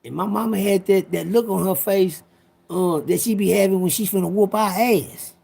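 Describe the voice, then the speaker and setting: Gravelly high-voiced man in his fifties. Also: moderate pace, warm tone. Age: 50s. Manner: profane, rambling, talks straight to listeners. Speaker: storyteller. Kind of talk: personal storytelling.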